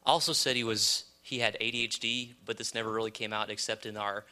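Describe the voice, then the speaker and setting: A man's voice: on the low side, fairly even intonation, brisk, bright, forceful tone. A man giving a prepared, friendly talk about camp to a church audience, with filler "um"s. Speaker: speaker sharing a camp testimony.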